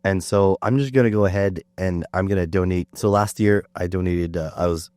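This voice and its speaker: A sick man with a very low voice hosts a laid-back podcast chat, rambling comfortably with ums and uhs. The sound is close and dry with no room echo. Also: a little fast. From Canada. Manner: relaxed, chatty, self-deprecating with fillers. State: sick, under the weather. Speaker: podcast host. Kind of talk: casual chat.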